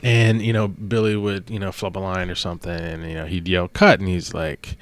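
A man's voice: low voice, brisk, no room sound. A man on a podcast telling a story in casual chat, acting out the people he quotes. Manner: animated storyteller, acts out quotes. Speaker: podcast host.

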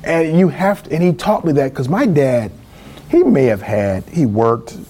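A middle-aged man from California telling a personal story in an interview, acting out quoted voices with lively pitch swings. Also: moderate pace. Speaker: guest author.

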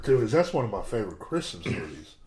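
A young man co-hosting a casual podcast, excitable and quick to laugh hard while retelling things. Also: lowish voice, background noise. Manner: excitable, laughs hard, says dude a lot. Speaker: podcast co-host. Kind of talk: casual chat among friends.

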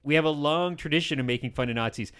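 A man's voice: fairly high pitch, fast talker, a bit bright, clear, resonant tone. A man hosting a casual chat, talkative and enthusiastic, laughing often. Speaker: podcast host. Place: small old cinema.

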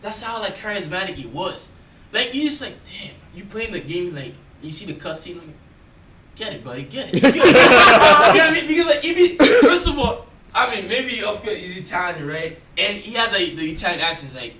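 A man's voice: high-pitched, expressive, fairly quick, sharp tone. A man with a non-native English accent, rambling in a casual chat, full of fillers and laughs. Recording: roomy, distant mic, faint noise.

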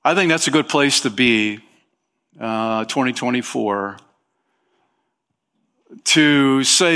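A man's voice: medium pitch, takes it slowly, pauses often, bright, forceful tone. A man preaching a sermon as pastor of his church, talking in a conversational way with small fillers and emphatic rises.

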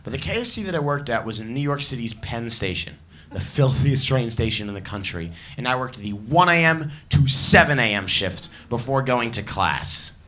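A young man doing a stand-up set, telling stories with wry, deadpan asides. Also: medium pitch, moderate pace. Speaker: stand-up comedian.

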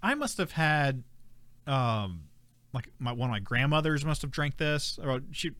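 A man's voice: medium pitch, animated, measured pace, fairly bright tone. A man co-hosting a casual chat, talkative and laughing easily, full of fillers. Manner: chatty, giggly, many "like" fillers. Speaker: podcast co-host.

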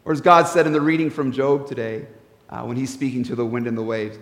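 A man preaching a sermon as pastor, earnest, often restarting his words and dropping into soft asides. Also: mid-range voice, fairly even intonation, quick pace, reverberant, in a large hall.

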